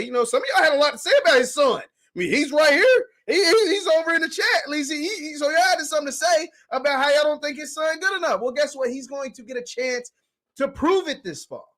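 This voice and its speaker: High-voiced man hosting a sports call-in. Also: brisk. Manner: animated, laughs along with callers. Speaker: host. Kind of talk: casual sports call-in chat.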